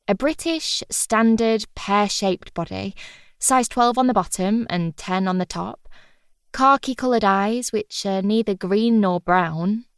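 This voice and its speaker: A woman's voice: medium pitch, a little slow, smooth, dry recording, studio quality. A woman reading a first-person audiobook in a wry, chatty, confiding manner. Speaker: audiobook narrator.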